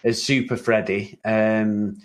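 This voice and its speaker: A man's voice: fairly low pitch, little pitch movement, slow. A man co-hosting a casual chat about an old film, talking freely with many restarts and frequent laughs. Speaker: podcast co-host.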